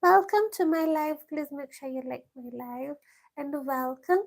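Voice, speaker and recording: A woman's voice: sits high, unhurried, gravelly. A woman answering viewer questions in a casual live stream from a village home, reading each question aloud and then answering, laughing often.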